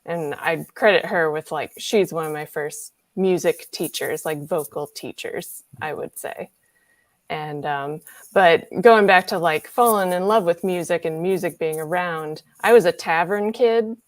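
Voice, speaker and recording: A woman's voice: lowish voice, a little slow, dry recording. A woman from Illinois chatting casually as a guest on a video call, reflective and storytelling, laughing easily. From Illinois, USA. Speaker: guest singer. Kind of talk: casual chat. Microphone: remote video call.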